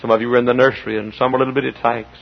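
A middle-aged man preaching as a Baptist pastor, impassioned, dropping to low asides and rising to shouts. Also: flat delivery, very fast, vocal fry. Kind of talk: sermon. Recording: dull lo-fi recording.

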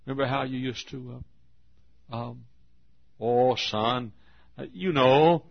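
A man voicing a tearful, gentle elderly mother who speaks softly and hesitantly. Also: medium pitch, slow, creaky. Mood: tender, hesitant. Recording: dull lo-fi recording.

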